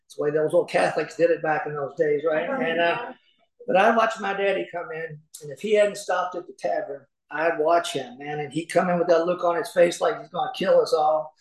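In an echoey room, a middle-aged Kentucky man at a recovery meeting tells personal recovery stories in a folksy style, acting out the voices and chuckling often. His voice is on the high side and his pace a little fast.

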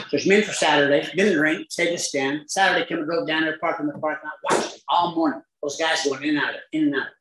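A man's voice: a little high, steady tone, fast talker, few pauses, a bit bright, a little hiss or hum. Wry older man, echoey room. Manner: wry, self-mocking humor, chuckling at his own story. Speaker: recovery speaker. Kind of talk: storytelling talk to a live audience.

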